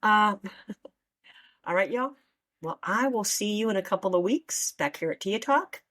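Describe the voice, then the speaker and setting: A woman's voice: medium pitch, expressive, unhurried, pauses often, fairly bright tone, no echo, clean studio sound. A woman hosting her own podcast, talking casually and folksily to her listeners with plenty of fillers. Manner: chatty, folksy, with many fillers. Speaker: podcast host.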